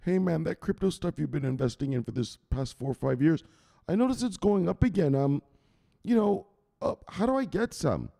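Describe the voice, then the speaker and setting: Man doing a high wheedling latecomer voice, fawning, lively, gravelly. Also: normal speed. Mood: eager. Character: eager male acquaintance begging for crypto tips.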